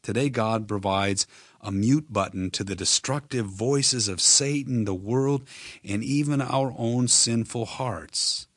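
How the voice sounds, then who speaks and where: A man preaching a sermon, earnest and measured, speaking straight to the listener and slowing on emphatic phrases. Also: mid-range voice, a bit bright, no room sound, clean studio sound. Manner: direct address to listener.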